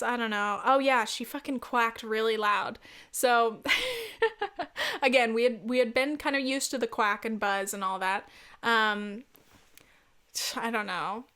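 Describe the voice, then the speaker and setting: A woman's voice: fairly high pitch, bright, forceful tone, clear, resonant tone. A woman hosting a solo podcast, telling a travel story in a chatty, laughing way with casual swearing. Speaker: podcast host.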